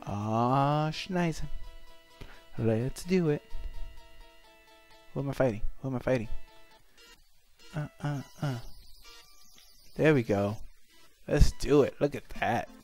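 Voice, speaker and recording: A man's voice: medium pitch, slow pace, long pauses, darkish tone. Man, gaming livestream host, casual joking chat, faint music behind. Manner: joking, chatty, exclaims at the game.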